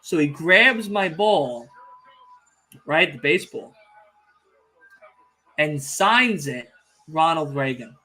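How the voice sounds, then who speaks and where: A young man with a fairly high voice hosts a relaxed wrestling podcast watch-along, talking slowly and pausing often. Even so, he tells stories excitably, swears freely, and ribs the chat.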